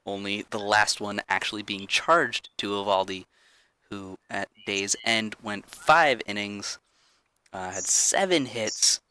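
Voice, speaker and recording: Young male podcast co-host, low-ish bright voice, dry close sound, sarcastic and chatty. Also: smooth. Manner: sarcastic, rambling, swears casually. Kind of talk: casual sports podcast chat.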